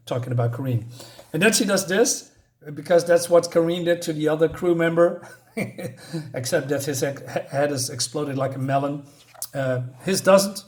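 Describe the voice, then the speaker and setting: A man's voice: a little high, normal speed, darkish tone. A man casually recapping a comic book's plot, rambling and hesitant, often losing his thread. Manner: rambling, many fillers and restarts. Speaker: comic reviewer.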